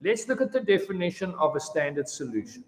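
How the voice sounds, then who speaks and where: A man's voice: sits high, big pitch swings, a little fast. A man in his fifties teaching a class, chatty and given to storytelling asides. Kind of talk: classroom lesson. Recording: echoey room with long reverb.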